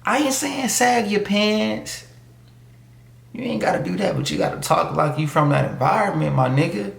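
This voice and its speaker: A man's voice: high voice, animated, normal speed, gravelly, reverberant. A man giving a casual, emphatic opinion monologue, full of street slang and mocking asides. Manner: emphatic, slangy street talk with mock voices. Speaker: YouTube commentator.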